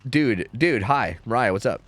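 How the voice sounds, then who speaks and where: A man's voice: mid-range voice, animated, a little slow, fairly bright tone, no room sound, soft background music. A young man streaming, chatting casually with viewers in a rambling, profane, sarcastic way.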